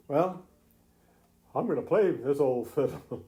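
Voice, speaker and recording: A man's voice: medium pitch, expressive, slow pace, dark tone. Older man giving a rambling fiddle lesson. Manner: rambling, folksy, stumbling restarts and chuckles. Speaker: grandfather teaching fiddle. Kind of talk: casual home video lesson.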